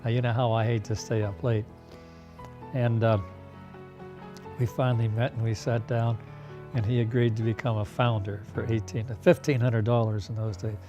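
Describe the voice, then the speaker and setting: An older man telling stories in a documentary interview, unhurried, with fillers and soft laughs. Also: mid-range voice, flat delivery, over music.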